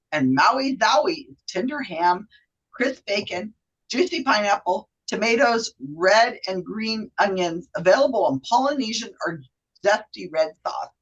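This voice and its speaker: A woman's voice: mid-range voice, slightly rough, highs cut off. Woman putting on a perky drive-through worker. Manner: sing-song menu reading, stumbling over words. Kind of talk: acted drive-through order for a trivia game.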